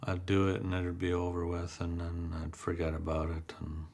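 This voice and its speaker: Man interviewee, very low and monotone, withdrawn answers. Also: moderate pace, creaky. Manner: quiet, short, withdrawn answers. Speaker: offender being interviewed.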